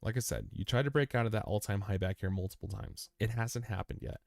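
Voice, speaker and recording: Recorded dry with clean studio sound, this young man talks fast in a creaky, low-leaning voice. He's a livestream host doing crypto chart analysis, chatting loosely over price charts. He repeats himself, addresses the chart directly as "you," and throws around "man," "dude," and "bro."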